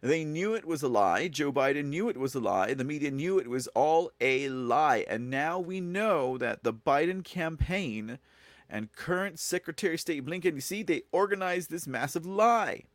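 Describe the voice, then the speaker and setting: A show host with a rather high, expressive voice speaks at a moderate pace, with no room sound, on a live-stream news commentary show. He rambles casually, talking to his viewers and thanking the chat.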